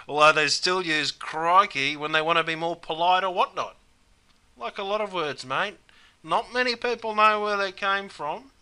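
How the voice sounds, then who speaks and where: A man's voice: a little high, pushed and bright, smooth. A man with an Australian accent, explaining slang in a folksy, comic style and saying "mate" constantly.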